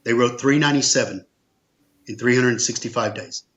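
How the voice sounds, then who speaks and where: Heard in lo-fi sound, a man with a mid-range, fairly bright voice speaks at a moderate pace. He's an insurance agency owner sharing stories in an interview, earnest and emphatic, leaning on repeated phrases for stress.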